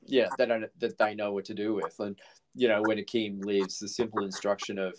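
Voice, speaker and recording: Background noise sits under a fairly low-pitched male voice that stays level and moves briskly. He's a podcast co-host casually discussing a film, cursing a lot and wandering through false starts in an easygoing way.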